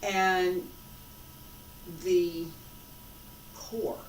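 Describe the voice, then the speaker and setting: A qigong instructor leading a guided exercise class, giving short calm cues and then explaining loosely with restarts. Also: mid-range voice, extremely slow, a little hiss or hum. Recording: echoey room, voice from a distance.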